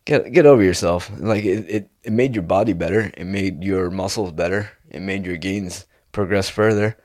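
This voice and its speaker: A man's voice: deep voice, normal speed, darkish tone, no room sound, clean studio sound. A young man in a casual, rambling monologue, laid-back and peppering his talk with "dude". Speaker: vlogger.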